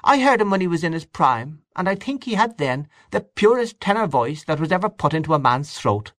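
A man's voice: on the high side, big pitch swings, brisk, a bit bright, no echo, clean studio sound, voice pushed up. A man reading aloud, voicing an elderly aunt who is insistent about a singer from her youth. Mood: nostalgic. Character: old woman, fond of the past, opinionated.

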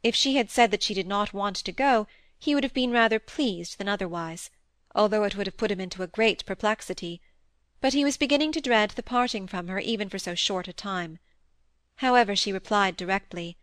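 A woman narrating a classic novel in an even, measured storytelling manner. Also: mid-range voice, dry recording. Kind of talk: audiobook narration.

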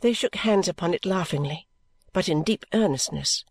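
A woman narrating a novel in a measured, steady storytelling manner. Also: fairly low pitch, breathy edge, dry recording. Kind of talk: scripted narration.

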